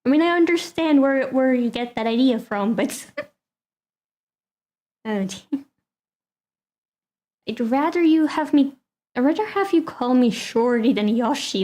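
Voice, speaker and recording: A woman's voice: high voice, lively intonation, slow, long pauses, mellow. A woman streamer chatting casually with her viewers and talking fondly to her cat.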